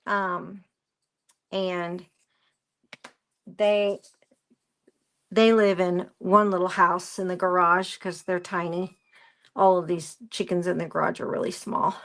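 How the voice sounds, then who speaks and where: A woman's voice: lowish voice, little pitch movement, takes it slowly, pauses often. A woman presenting a craft live stream, rambling through a story and greeting viewers by name as she works. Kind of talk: casual chat while crafting.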